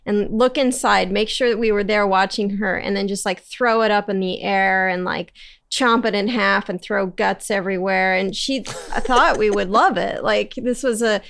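A woman's voice: medium pitch, fairly even intonation, normal speed, vocal fry, fairly bright tone. A young woman from San Diego chats as a podcast guest. She tells stories loosely, full of fillers and restarts. Her voice sits in an ordinary middle range. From San Diego, California. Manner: chatty storyteller, many fillers and restarts. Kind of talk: casual podcast chat.

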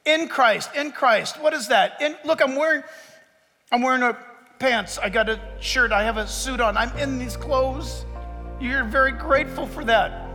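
A man preaching a sermon as pastor, emphatic and joking, jumping from loud punchlines to quiet asides. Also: long reverb tail. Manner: emphatic, rising to shouts and dropping low for asides; joking, with quick laughs.

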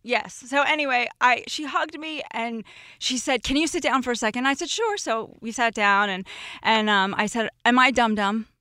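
Guest role: woman in her 40s, bright and tense voice, emotional storyteller, dry close studio sound. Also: on the high side, moderate pace, dry recording. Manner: emotional, laughs often, tells stories with quoted dialogue. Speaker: podcast guest, former roommate. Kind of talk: casual storytelling chat.

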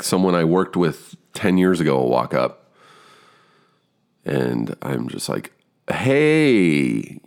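A man in his fifties with a rich baritone voice, rambling casually as a podcast host, swearing and poking fun at himself. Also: creaky. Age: 50s. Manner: rambling, swearing, self-deprecating. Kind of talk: casual monologue.

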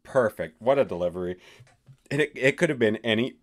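A man's voice: lowish voice, animated, brisk. A man co-hosting a podcast, chatting eagerly about a TV episode and agreeing often. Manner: enthusiastic, agreeable, says yeah a lot. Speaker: podcast co-host. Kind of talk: casual chat about a TV show.

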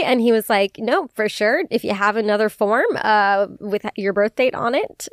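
A woman's voice: mid-range voice, moderate pace, dry recording, clean studio sound. A woman in her twenties hosting a podcast, telling a story in casual chat, swearing freely and laughing often. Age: 20s. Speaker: podcast host.

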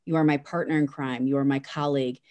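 Low-voiced woman giving a heartfelt toast. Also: fairly even intonation, quick pace, a little mellow. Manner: emotional, affectionate, rambling. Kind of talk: heartfelt birthday message.

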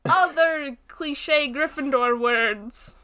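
A woman's voice: high-pitched, drawn-out words, sharp tone. A woman co-hosting a casual chat, mostly giving short reactions. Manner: short reactions, laughs often. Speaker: podcast co-host.

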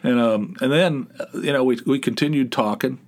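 A man hosts his own podcast and tells stories casually from behind the mic. He wanders through each anecdote, breaks off mid-sentence and starts over. He laughs easily, and his voice sits at an ordinary middle pitch. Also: normal speed. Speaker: podcast host. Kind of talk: casual solo storytelling.

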